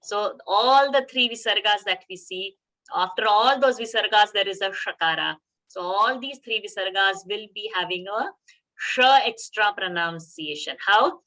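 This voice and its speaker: Woman teaching chanting, bright and clear. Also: medium pitch, poor audio. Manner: slow, careful syllable-by-syllable demonstration. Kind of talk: online chanting lesson. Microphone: video call.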